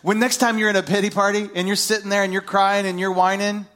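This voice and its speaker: A man preaching a sermon, animated and playful as he talks to the congregation. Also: high-pitched, fast talker. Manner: animated, jumps into playful voices.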